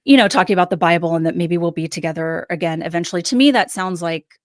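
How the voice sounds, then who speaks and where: Lowish-voiced woman in dry podcast talk. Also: fast, dry recording. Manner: thoughtful, hedging, many restarts. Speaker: podcast guest. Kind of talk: casual analytical discussion.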